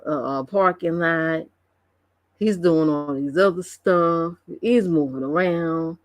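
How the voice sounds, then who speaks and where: A woman's voice: deep voice, no room sound. A woman streamer chatting casually on a live stream, gossiping and laughing often as she reacts to online drama. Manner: gossipy, laughs often, drawn-out slangy commentary.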